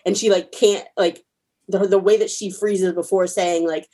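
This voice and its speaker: A woman's voice: medium pitch, steady tone, moderate pace, warm tone. A woman in casual conversation, mostly listening with short affirmations and then retelling a story she heard. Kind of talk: casual podcast chat.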